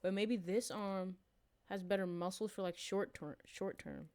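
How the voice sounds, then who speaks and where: A woman's voice: mid-range voice, unhurried, darkish tone, no echo. A young woman co-hosting a casual podcast, chatting playfully and giggling. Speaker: podcast co-host. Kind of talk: casual chat. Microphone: video call.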